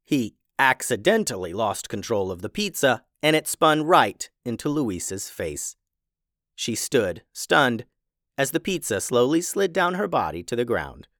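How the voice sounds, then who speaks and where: A man narrating a children's story in an expressive, playful way. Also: mid-range voice, a little slow, no echo, studio quality.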